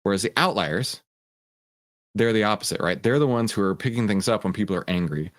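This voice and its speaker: Male host, low voice with lots of swing, chatty explainer who slips into acted voices. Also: brisk. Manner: animated storyteller who acts out voices; conversational, frequent "right?". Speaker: host of a stock market education show. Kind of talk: casual explanatory talk.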